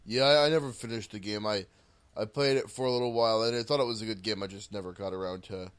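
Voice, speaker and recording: A man's voice: lowish voice, fairly even intonation, fast talker, clear, resonant tone. A young man co-hosting a casual podcast, talking about games in an easygoing, hesitant way. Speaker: podcast co-host.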